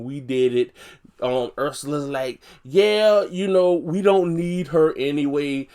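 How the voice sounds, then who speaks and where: A man casually recapping a TV episode, chatty and full of fillers, growing animated as he retells scenes. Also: mid-range voice.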